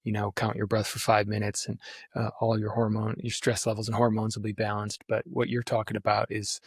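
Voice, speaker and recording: A man hosting a podcast interview, speaking in a hesitant, reflective, halting way. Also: on the low side, completely flat delivery, husky, no echo, studio quality. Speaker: podcast host.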